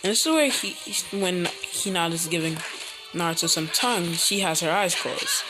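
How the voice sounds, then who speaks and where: A woman telling a rambling fan story while gaming, halting often to correct herself. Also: fairly low pitch, low-quality recording. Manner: halting, frequent self-corrections. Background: music playing.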